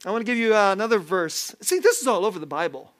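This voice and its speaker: A man preaching a sermon as pastor, lively and self-deprecating, often laughing as he talks. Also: sits high, fast. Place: church sanctuary.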